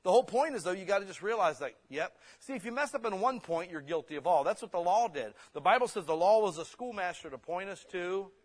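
A man preaching a sermon, blunt and forceful, slipping into quick mimicked excuses. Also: high-pitched, animated.

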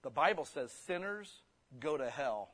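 A man preaching a sermon, blunt and forceful, slipping into quick mimicked excuses. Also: fairly high pitch, expressive.

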